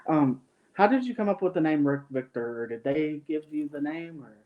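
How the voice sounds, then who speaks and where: A man hosting a podcast, chatting casually with a guest and asking questions in a relaxed way. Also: a little high, moderate pace, narrow, tinny audio. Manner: relaxed, brief acknowledgements. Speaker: podcast host. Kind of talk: casual interview chat.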